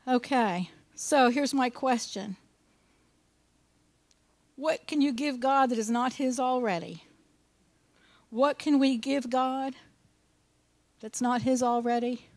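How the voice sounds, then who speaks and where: A woman preacher with a high, bright-pitched voice, earnest and folksy as she reads scripture and explains it. The sound is dry and close, with no room echo. Her emphasis rises on the scripture lines. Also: fairly even intonation, slow, pauses often. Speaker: Bible teacher. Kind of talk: sermon with scripture reading.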